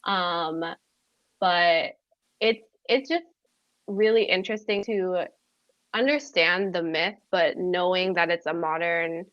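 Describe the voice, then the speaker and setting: A woman's voice: on the low side, takes it slowly, dry recording, dull audio. A woman guest, an editor and book blogger, chatting thoughtfully about books with many ums. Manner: thoughtful, many "um"s, laughs lightly. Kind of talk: casual chat.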